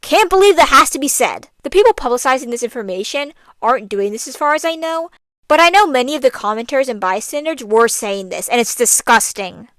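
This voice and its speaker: High-voiced exasperated young woman, dry close mic. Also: lively intonation, brisk, fairly bright tone, no room sound. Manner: exasperated, blunt, sarcastic. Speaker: commentary youtuber. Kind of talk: scripted commentary voice-over.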